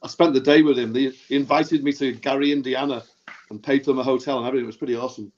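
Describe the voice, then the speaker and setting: A man's voice: mid-range voice, rapid-fire. Chatty man telling a tale, dull audio. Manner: animated anecdote teller, laughs easily. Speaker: music writer and show regular. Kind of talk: casual chat.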